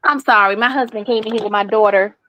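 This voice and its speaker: A woman's voice: medium pitch, steady tone, quick pace, noisy background. A woman with a Southern accent calling into a livestream, polite and friendly. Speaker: caller. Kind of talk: casual call-in chat.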